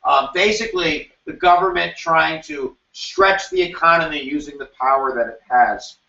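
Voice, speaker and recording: A man giving an animated, jokey history review lecture as a teacher, acting out quoted voices now and then. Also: fairly high pitch, normal speed, gravelly. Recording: roomy, distant, dull sound.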